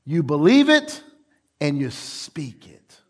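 A male pastor preaches with a high voice and a lot of swing in his pitch. He tells personal stories in a lively way, stumbles and repeats words as he builds up, and acts out the voices of people he quotes. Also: slow pace. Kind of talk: sermon.

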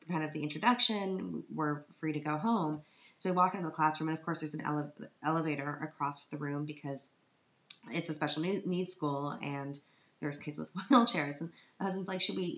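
A woman's voice: low voice, echoey room, muffled recording. A woman from Canada telling a casual vlog story in a chatty, self-mocking way, laughing often. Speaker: vlogger, autism group organiser.

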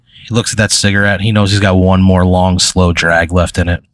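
Rambling game master, lowish voice, dry close sound, lots of uh and like. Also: male voice, flat delivery, moderate pace, no echo. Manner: rambling, filler-heavy narration. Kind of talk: narrating a tabletop role-play.

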